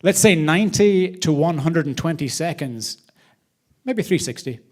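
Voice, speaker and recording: A man hosting a charity event, speaking to a live audience from a theater stage in a lively, storytelling way. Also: on the high side, measured pace. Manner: animated storyteller, varied loudness. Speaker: charity host.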